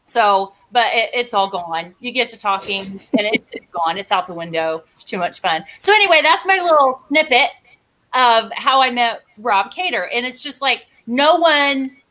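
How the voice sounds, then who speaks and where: A woman guest talks in a loose, rambling way and keeps poking fun at herself. Her voice sits high and sounds bright and clear. She jumps from one thought to the next without pausing. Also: lively intonation. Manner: rambling, chatty, self-mocking. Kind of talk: casual chat.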